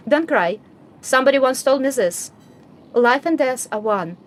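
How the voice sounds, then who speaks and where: A woman reading the lines of a calm, gentle male game hero in a soft, steady, measured way. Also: high-pitched. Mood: tender.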